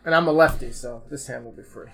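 A man's voice: mid-range voice, quick pace, creaky. Crude joking podcast co-host man. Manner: joking, crude, reads lyrics in a flat dramatic voice. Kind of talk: crude casual banter.

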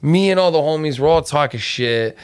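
A man's voice: on the high side, animated, brisk, smooth. A man who is a stand-up comedian, chatting casually in a laid-back way, swearing often and calling people "man" and "dude". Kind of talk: casual podcast chat.

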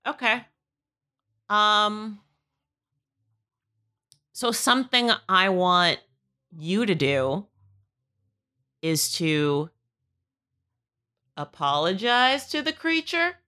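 A woman playing in a tabletop role-playing game, chatting casually in an excitable, giggly, rambling way. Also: mid-range voice, very slow, long pauses. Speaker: player.

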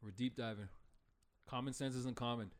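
A Canadian man in his thirties co-hosting a podcast, with loud, laughing, swearing banter. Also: mid-range voice, fairly even intonation, moderate pace, very noisy. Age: 30s. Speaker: podcast co-host. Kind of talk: casual chat.

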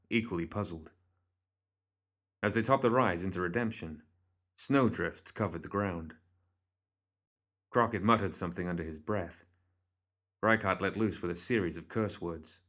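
A man reading a story aloud as audiobook narrator, in a steady, measured way. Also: low-pitched.

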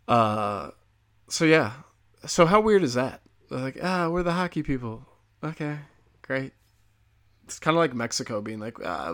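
An American man holds forth as a podcast host, opinionated and sarcastic, cursing freely. His mid-range voice carries a gravelly, fry-heavy edge. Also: mid-range voice, sharp tone. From United States. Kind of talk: casual comedic rant.

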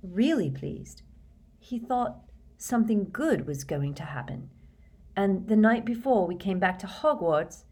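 A woman's voice: lively intonation, a little slow, darkish tone, breathy edge. A woman voicing a troubled teenage boy wizard in a storybook reading, speaking grimly and tersely. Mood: uneasy. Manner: grim, short and low-key.

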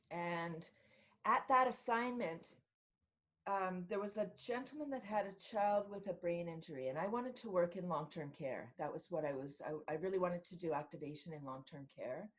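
A woman's voice: medium pitch, moderate pace. A middle-aged woman from Canada talks as a podcast guest. She tells her stories casually and with a lot of life, laughs often, and acts out other people's lines with plenty of expression. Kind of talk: casual storytelling in an interview.

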